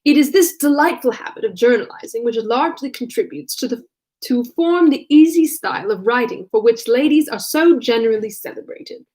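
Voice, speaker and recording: A woman reading aloud and voicing a witty, teasing young gentleman with mock-formal manners. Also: on the high side, lively intonation, brisk, natural voice. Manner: mock-formal, then simpering when he affects a pose.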